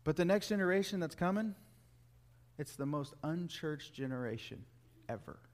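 A man's voice: a little high, lively intonation, moderate pace. A man, a youth pastor, preaching a sermon in an earnest, emphatic way, repeating key phrases.

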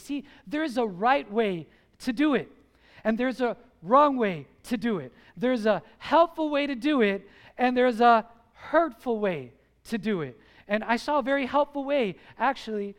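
A middle-aged man delivering a sermon in a very high voice for a man. He tells stories from his own life, climbing to loud, emphatic points and then dropping low for quiet asides. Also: long reverb tail. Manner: storytelling preacher, rises to emphatic peaks and drops to quiet asides. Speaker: pastor.

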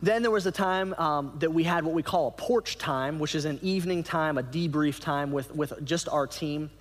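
A man giving a sermon to a church audience, telling stories in an animated way with frequent restarts. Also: a little high, moderate pace. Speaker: church speaker. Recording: reverberant hall.

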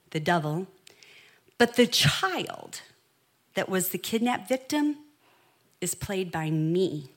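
A middle-aged woman preaching a sermon, telling a story in a hushed voice that builds to impassioned delivery. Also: on the low side.

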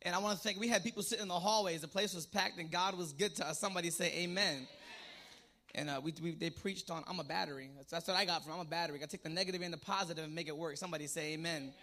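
A male preacher of Puerto Rican background delivers a fervent call-and-response sermon, moving from quiet asides to shouted exhortations. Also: on the high side, fairly even intonation, very fast.

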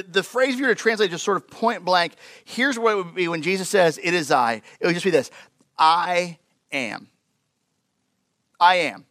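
A male pastor preaches in a loose, chatty way, full of little fillers and asides. His voice is bright and forceful, and it sits a bit high for a man. The sound is dry and close, with little room around it. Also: no echo. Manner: conversational, animated, lots of fillers. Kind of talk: sermon.

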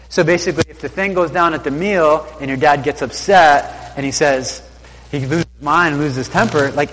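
A man's voice: on the high side, fairly quick, a bit bright. A man teaching from the Bible who reads each verse aloud and then retells it in loose, slangy everyday talk. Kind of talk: scripture reading with casual retelling. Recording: reverberant hall sound.

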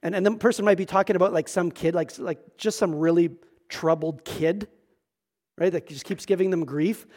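A man's voice: high-pitched, moderate pace, darkish tone. A male pastor preaching a sermon in a church, earnest and emphatic, often repeating words as he starts a thought.

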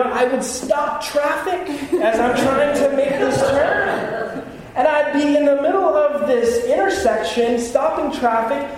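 A man's voice: very high-pitched, a little hiss or hum. A middle-aged male pastor preaching a sermon, telling personal stories with self-deprecating jokes. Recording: echoey hall, mic at a distance.

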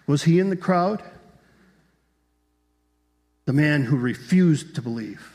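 A slow, animated man with a fairly high, slightly mellow voice preaches a sermon as a pastor. The story comes across vividly, punctuated by rhetorical questions to the congregation, and the sound carries the long reverb of a big hall.

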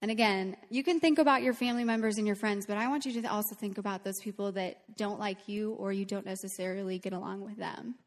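A woman's voice: mid-range voice, fairly even intonation, fast, hardly any pauses, in a large hall. A woman leading worship, telling a story to the congregation in a chatty, earnest way, with frequent "um"s. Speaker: worship leader. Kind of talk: casual talk to a congregation.

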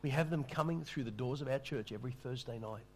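A man's voice: medium pitch, fast, slight background noise. A middle-aged man preaching a sermon, telling a story in a conversational, self-deprecating way with small stammers. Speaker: pastor.

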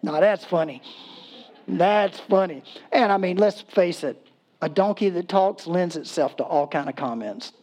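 Joking, animated male pastor. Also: high voice, a little slow. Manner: humorous, conversational storytelling with laughter; acts out voices in quotes, animated. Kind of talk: sermon.

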